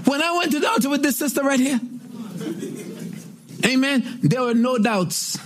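A man with a strikingly high voice preaching a sermon. He hammers home repeated refrains and breaks into shouted exclamations. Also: lively intonation, normal speed, soft background music. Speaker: pastor.

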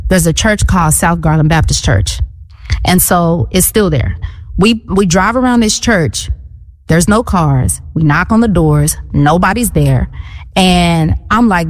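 A woman in her thirties telling her faith story in an interview, animated and acting out what people said. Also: on the low side, a little slow, long reverb tail. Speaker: guest. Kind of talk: testimony in a conversational interview.

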